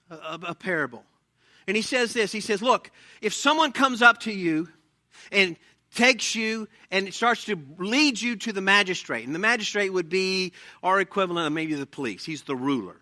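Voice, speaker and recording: Bright high-pitched preaching man. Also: no echo. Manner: animated preaching with asides and acted quotes. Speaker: pastor. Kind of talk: sermon. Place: church sanctuary.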